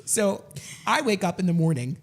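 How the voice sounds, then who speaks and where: A young man co-hosting a podcast, telling a story in a casual, animated way and laughing often. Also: high-pitched, moderate pace, creaky. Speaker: podcast co-host.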